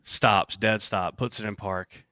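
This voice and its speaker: A young man on a podcast telling a story in a casual, animated and profane way, acting out what people said. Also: lowish voice, takes it slowly, smooth, no echo. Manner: animated, profane, acts out quotes. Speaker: podcast co-host.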